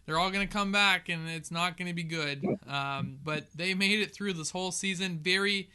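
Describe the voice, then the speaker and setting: Bright, clear-voiced man co-hosting. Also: high-pitched, normal speed. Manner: upbeat, joking banter. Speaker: co-host. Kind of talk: casual sports chat.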